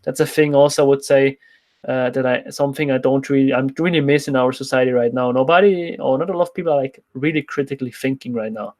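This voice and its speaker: A man's voice: medium pitch, quick pace, darkish tone. Swiss guy coaching folks on a live stream, rambles and restarts a lot, medium voice. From Switzerland. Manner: candid, rambling, frequent restarts. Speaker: fitness coach. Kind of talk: livestream Q&A chat.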